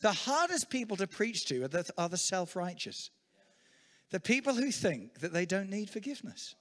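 A man's voice: high voice, moderate pace, in a large hall. A middle-aged man preaching a sermon, telling stories with humor. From England. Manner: lively, humorous storytelling preacher. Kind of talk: sermon with storytelling.

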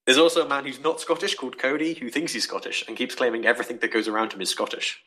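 A young man casually talking through a book on a podcast, rambling and animated, acting out quoted thoughts. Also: mid-range voice, quick pace, low-quality recording. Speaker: podcast host reviewing a book.

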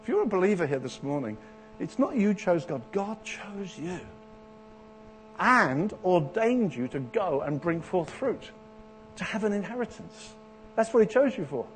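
A man preaching a sermon in a church, animated, acting out the voices of people in Bible stories. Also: sits high, unhurried, a little hiss or hum. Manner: animated, acts out Bible voices with rising intensity.

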